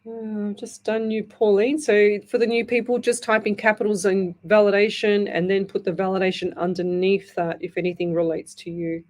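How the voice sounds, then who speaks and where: A middle-aged woman hosting live psychic readings in an easygoing, talkative way. Her voice sits at an ordinary middle pitch for a woman. She calls listeners pet names and breaks things down simply. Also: little pitch movement, normal speed, hardly any pauses. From Australia. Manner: chatty, warm-hearted, calls listeners lovey and hun; reads viewer comments aloud and explains things in plain terms. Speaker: psychic medium radio host.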